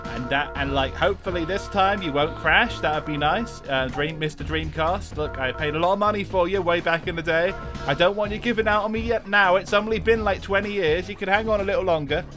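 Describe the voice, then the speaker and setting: A man's voice: high voice, brisk, few pauses, over music, close to an everyday voice. A man putting on a jokey Cockney accent while streaming a racing game, with hammy, boisterous banter. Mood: cheeky. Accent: put-on Cockney.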